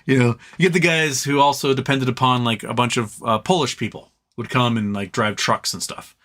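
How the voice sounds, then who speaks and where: A man's voice: medium pitch, steady tone, brisk, few pauses, a bit bright. A man hosting a livestream, chatting casually and rambling, acting out other people's lines with exasperation. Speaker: livestream host.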